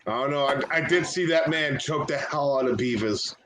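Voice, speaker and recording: A man's voice: medium pitch, normal speed, crowd noise, poor audio. A man, a guest wrestler, chatting casually and laughing through his stories. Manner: laughing storyteller. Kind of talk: casual chat.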